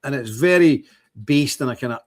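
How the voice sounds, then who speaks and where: An older man with an Ulster accent, hosting a livestream in rambling, opinionated casual chat, his voice jumping up when he gets animated. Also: medium pitch, a little fast. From Northern Ireland. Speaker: livestream host.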